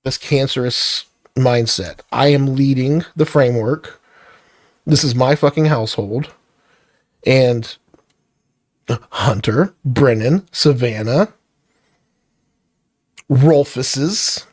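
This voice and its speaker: A man's voice: medium pitch, slow, pauses often, darkish tone, no echo. Angry profane man venting in a dry room. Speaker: vlogger. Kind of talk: angry personal rant to camera.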